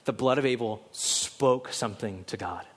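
A man preaching a sermon, swinging between loud, urgent exhortations and low, intense stretches. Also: moderate pace, slightly rough. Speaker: pastor.

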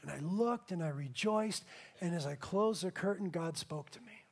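Man, pastor, sermon, high voice, animated storytelling, emphatic slow build-ups. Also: vocal fry, breathy edge.

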